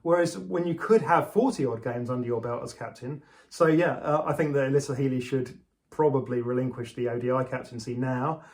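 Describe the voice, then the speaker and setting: A man's voice: mid-range voice, brisk, a little mellow. A man co-hosting a cricket podcast, talking casually with frequent stumbles and restarts. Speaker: podcast co-host.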